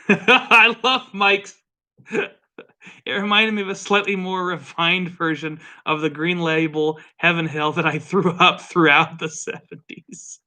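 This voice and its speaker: A man's voice: on the high side, steady tone, normal speed, few pauses, bright, forceful tone. A man hosting a casual drinks livestream, rambling and joking with profane asides. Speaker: livestream host.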